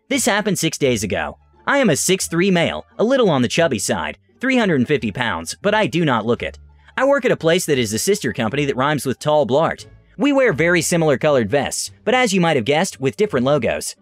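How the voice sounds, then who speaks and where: A man doing scripted narration of reader stories in an animated way, with dramatic asides. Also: on the high side, dry recording. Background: faint background music.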